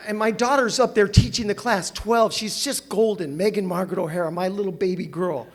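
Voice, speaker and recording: An older man from Southern California gives a personal storytelling talk at a recovery meeting, animated and self-mocking, and laughs often. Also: sits high, a little fast, few pauses. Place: meeting hall with audience.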